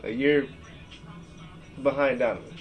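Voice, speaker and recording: A man's voice: mid-range voice, measured pace, soft background music, poor audio. A man in his thirties from Seattle hosting a podcast, ranting with heavy profanity, rambling and reading his text messages aloud. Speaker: podcast host. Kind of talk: emotional rant.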